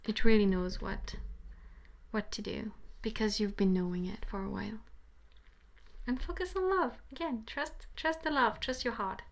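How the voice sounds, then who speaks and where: A young adult woman giving a passionate tarot reading to camera, pleading and repeating herself eagerly. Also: on the high side. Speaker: tarot reader.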